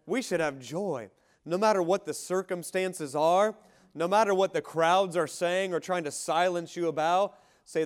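A man preaching a sermon with fervor, calling for amens, swinging from rising shouts to quiet, slowed lines. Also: fairly high pitch. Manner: fervent preaching, rising shouts and quiet drops, asks congregation for amen. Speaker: pastor.

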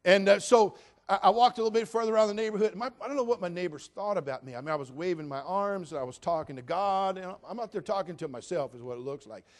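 High-voiced folksy preaching pastor. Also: male voice, quick pace. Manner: folksy, animated preaching with humor; preaches directly to the congregation. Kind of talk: storytelling sermon.

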